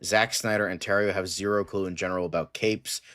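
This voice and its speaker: Blunt, profane male co-host with a fairly low voice, casual and joking. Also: fairly even intonation, brisk, fairly bright tone. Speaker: podcast co-host. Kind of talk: casual chat.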